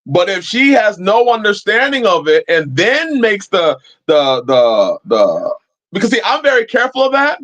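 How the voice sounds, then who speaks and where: A man's voice: high-pitched, very animated, moderate pace, fairly bright tone. A man hosting a live-chat stream, talking casually and preachily, swearing freely as he answers viewers. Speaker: livestream host.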